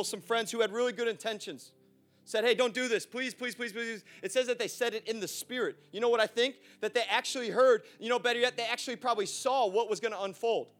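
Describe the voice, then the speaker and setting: Brief: high-pitched male pastor, casual and lively, faint music behind. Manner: animated, chatty, acts out scenes, asks the room questions. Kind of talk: sermon. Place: church.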